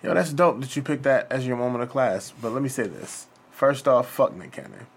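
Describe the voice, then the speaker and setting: A man's voice: medium pitch, fairly quick, creaky, husky. A man co-hosting a podcast, ranting heatedly in casual chat with heavy cursing. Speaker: podcast co-host.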